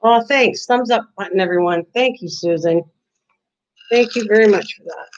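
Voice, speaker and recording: A woman's voice: mid-range voice, moderate pace. Chatty older woman on a lo-fi stream. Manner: chatty, talks to viewers by name, laughs often. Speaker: live-stream host. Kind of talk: casual live-stream chat. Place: home kitchen. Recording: lo-fi stream audio.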